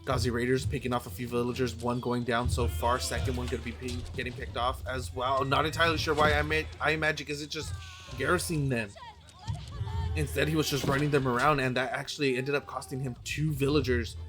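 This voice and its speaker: Man casting a strategy game, hoarse, over music. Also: medium pitch, flat delivery. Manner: opinionated, quick, trails off and corrects himself. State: losing his voice. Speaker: game caster. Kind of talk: play-by-play strategy game commentary.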